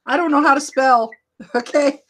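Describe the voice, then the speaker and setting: Loud, high-voiced woman hosting a livestream. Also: moderate pace. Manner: loud, laughs often. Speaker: livestream host and rideshare driver. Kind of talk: casual livestream chat, reading viewer comments.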